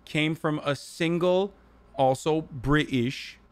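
A man's voice: a little high, takes it slowly, clean tone. A man streaming a casual reaction to a video, laid-back and full of profanity.

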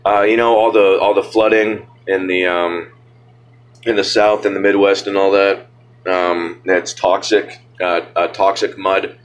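A man's voice: deep voice, level tone, a little slow, low-quality recording. A man ranting casually to his viewers in a rambling, sarcastic way, full of filler words. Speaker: vlogger. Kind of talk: casual rant to camera.

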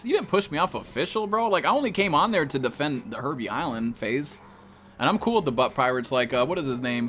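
A young man live-streaming a game, chatting to viewers in a loud, profane way and jumping into high yelps. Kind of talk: live-stream chat while gaming.

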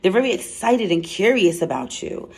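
A woman giving a casual tarot reading to camera, excitable and chatty, blunt and slangy, speaking straight to her viewers. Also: medium pitch, normal speed, creaky. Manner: excitable and chatty, laughs and exclaims. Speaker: tarot card reader.

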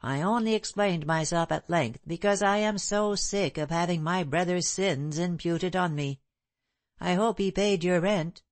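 A woman reading the part of a proud, bitter gentleman who speaks in a sneering, clipped way. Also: fairly low pitch, unhurried, no echo, natural voice. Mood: scornful. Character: proud bitter middle-aged gentleman, scornful.

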